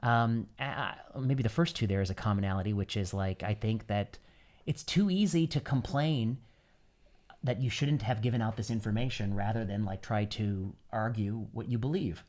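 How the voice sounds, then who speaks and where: A man, a physician hosting a podcast, musing in casual chat with halting phrasing and many fillers. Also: fairly low pitch, a little mellow.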